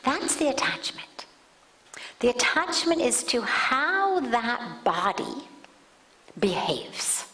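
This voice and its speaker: Slow-spoken woman teaching spirituality. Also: a little high, sing-song, poor audio. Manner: slow, deliberate, drops to soft near-whispers. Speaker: spiritual teacher answering questions. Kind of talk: spiritual discourse. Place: satsang hall.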